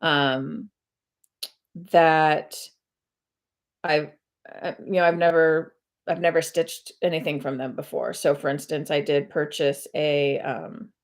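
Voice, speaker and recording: A woman's voice: low-pitched, steady tone, slow pace. A woman chatting casually at home on a live stream while she stitches, rambling with many fillers and self-corrections. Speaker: host of a cross-stitch video channel.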